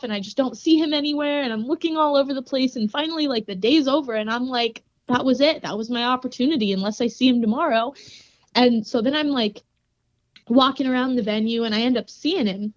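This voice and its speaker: Speaking a little fast in a high voice, this young female podcast guest, who grapples, giggles her way through a lively, casual story packed with "like." The audio is dry and lo-fi.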